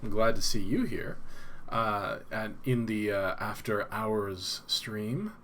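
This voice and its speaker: A man's voice: lowish voice, slow, a bit bright, slight background noise. A man hosting a casual evening livestream from home, rambling along and greeting viewers as they arrive. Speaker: livestream host. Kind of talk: casual solo livestream chat.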